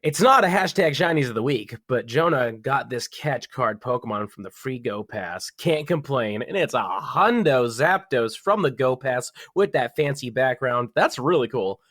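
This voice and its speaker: A man recording a friendly, enthusiastic shout-out message for a podcast. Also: medium pitch, animated, normal speed, hardly any pauses, dry recording, clean studio sound. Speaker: listener sending a shout-out.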